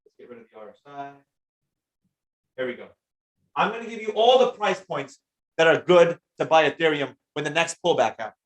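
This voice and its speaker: Teaching trading on a live stream, this man reads and responds to chat comments with slangy energy, greeting viewers by name. His voice is on the high side, fairly quick, and broken up by frequent pauses.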